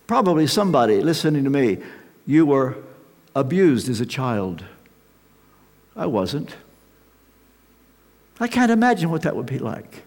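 An older man preaching a sermon, slow and emphatic with dramatic pauses. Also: medium pitch, big pitch swings, a little mellow. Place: large hall with an audience. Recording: reverberant hall sound.

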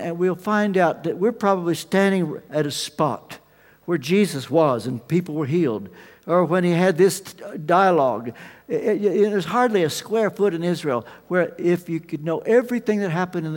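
A man preaching a sermon, telling the story with animated swings between loud emphasis and quiet asides. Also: a little high, normal speed. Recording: long reverb of a large hall.

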